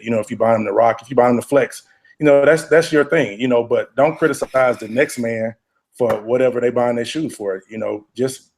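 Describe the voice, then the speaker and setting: Gravelly, earnest sneaker podcast co-host, a man. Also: medium pitch, darkish tone. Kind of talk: casual chat.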